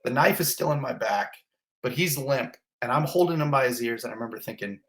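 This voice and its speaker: A man's voice: mid-range voice, lively intonation, a little fast. Blunt, intense man telling his story. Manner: vivid, blunt storytelling with swearing. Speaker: fire captain. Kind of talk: intense first-person retelling.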